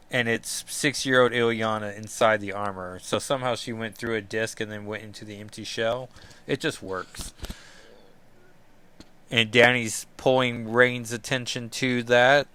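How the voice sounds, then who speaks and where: A man's voice: medium pitch, fairly even intonation, normal speed, fairly bright tone, smooth, no echo. A man hosting a casual comic book read-along, with joking asides. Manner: chatty, joking asides with laughs. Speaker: comic book reader and podcast host.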